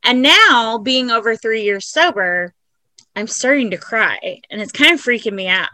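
A woman's voice: fairly high pitch, animated, normal speed, bright, forceful tone, dry recording. A woman in recovery chatting frankly on a podcast, swearing freely. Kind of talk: casual conversation.

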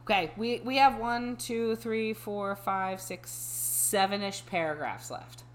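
A woman's voice: mid-range voice, slow pace, a little hiss or hum. A woman reading a dating profile aloud and mocking it in casual podcast chat. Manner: sarcastic, mocking commentary with a flat reading voice.

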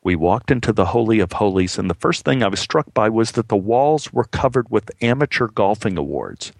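A man telling a personal story in a measured, heartfelt way, acting out the dialogue as he goes. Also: lowish voice, lively intonation, vocal fry, no echo, clean studio sound.

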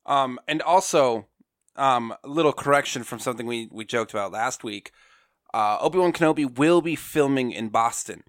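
A man's voice: mid-range voice, normal speed, no echo, studio quality. A man co-hosting a casual fan podcast, eager and rambling, full of likes and ums. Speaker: podcast co-host.

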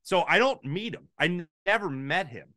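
A man from Philadelphia spins a backstage sports story with a bright, forceful voice that sits a little high for a man. He jumps up in pitch whenever he acts out someone else's lines. The room is dry, with the mic close. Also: expressive, moderate pace, no room sound. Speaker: podcast guest, sports broadcaster. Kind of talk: casual storytelling chat.

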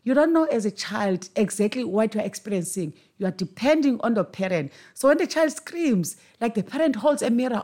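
Earnest woman host, higher voice, emphatic reflective monologue. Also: expressive, a little fast, few pauses, mellow. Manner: earnest, emphatic, repeats words for stress. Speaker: podcast host.

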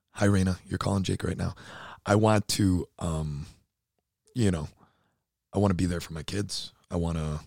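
Hoarse, earnest man in his thirties. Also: low-pitched, a little mellow, no echo, clean studio sound. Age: 30s. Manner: earnest and emotional, swears freely. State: hoarse, voice nearly gone. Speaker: podcast co-host, CrossFit athlete. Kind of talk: casual chat.

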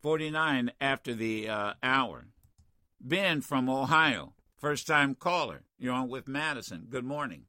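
Older man, radio talk host, blunt and fiery, lively pitch swings, bright edge, dry studio mic. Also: unhurried, no room sound. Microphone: studio microphone.

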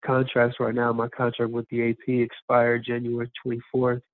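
A man's voice: mid-range voice, monotone, moderate pace, no echo. Nasal man on a tinny call. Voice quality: nasal from allergies. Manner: hesitant, many ums and repeated words. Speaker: interview guest, sports writer. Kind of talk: casual interview chat. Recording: tinny phone-like call audio.

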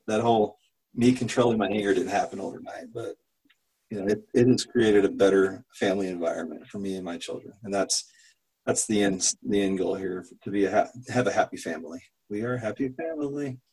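A man's voice: low voice, steady tone, a little fast, darkish tone, slightly rough, rough recording. A man and father candidly sharing his experience in a group talk, laughing often and restarting his sentences. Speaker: program participant and father.

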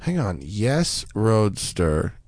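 Man, podcast host, lively pitch, dry sound, profane, joking. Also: very slow, no room sound. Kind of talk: casual podcast chat.

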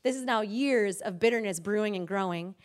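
A woman's voice: medium pitch, a little fast. A woman telling a faith-based story in a casual, rambling way, full of fillers and self-corrections, acting out the quoted voices.

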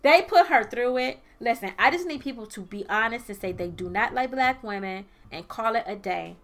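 A woman with a fairly high voice co-hosts a casual conversation. She recaps events with animated energy and slips into quoted voices as she tells the story. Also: normal speed. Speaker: podcast co-host. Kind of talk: casual chat, recapping a reality show.

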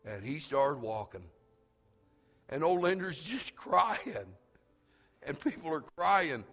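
A pastor preaching a sermon, telling a story that swells into shouted calls to the congregation. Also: male voice, on the high side, big pitch swings, slow pace, long reverb tail, faint music behind. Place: church sanctuary.

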